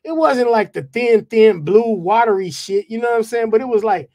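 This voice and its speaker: A man, a guest rapper, telling a profane, animated anecdote in casual talk. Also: high voice, normal speed. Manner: profane, animated, repeats "you know what I'm saying".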